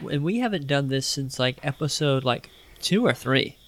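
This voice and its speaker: A man co-hosting a casual theology podcast, talking earnestly and reading passages aloud slowly, over a phone line. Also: mid-range voice, animated, fairly bright tone, no echo. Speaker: podcast co-host. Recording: dry phone-line recording.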